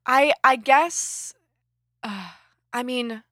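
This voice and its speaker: A woman's voice: high-pitched, drawn-out words, fairly bright tone, no room sound, clean studio sound. A woman co-hosting a podcast, making wry, teasing asides in casual chat. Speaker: podcast co-host.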